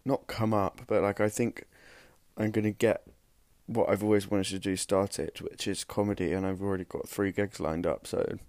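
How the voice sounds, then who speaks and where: This young adult man's voice is deep and darkish, delivered flatly at a normal speed with no room sound. Hosting a casual solo podcast while exhausted, he rambles on tiredly and pokes fun at himself.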